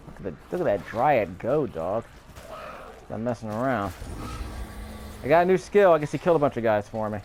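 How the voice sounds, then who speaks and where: A man's voice: on the low side, animated, fairly quick, darkish tone, a little hiss or hum. A man giving casual let's-play commentary, rambling and correcting himself as he chats over the game. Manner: rambling, self-correcting, chatty. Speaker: gameplay commentator.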